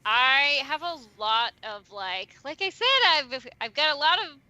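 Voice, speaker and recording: High, slow-talking woman gamer. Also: animated, bright, forceful tone, no room sound, lo-fi sound. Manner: chatty, laughing, stammers. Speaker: player. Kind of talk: playing a tabletop game.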